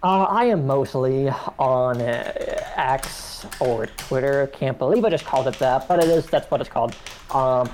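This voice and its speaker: A man appearing as a guest on a casual podcast. He speaks in a relaxed, unhurried way and stops a few times mid-sentence. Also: mid-range voice, slight background noise.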